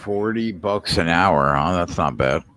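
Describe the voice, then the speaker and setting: A man's voice: low-pitched, animated, measured pace, fairly bright tone. A man in casual podcast chat, talking bluntly and teasingly. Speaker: podcast co-host.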